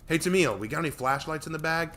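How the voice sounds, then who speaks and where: A man's voice: a little high, animated, fast talker, a bit bright, pitched above the performer's own voice. A man voicing an earnest young human man who speaks plainly and gets stiff when insulted.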